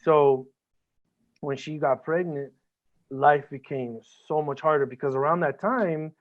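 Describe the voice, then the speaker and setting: A man's voice: on the high side, unhurried. A man as a podcast guest, talking earnestly and emotionally, swearing a lot and often restarting his sentences. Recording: band-limited phone-like audio.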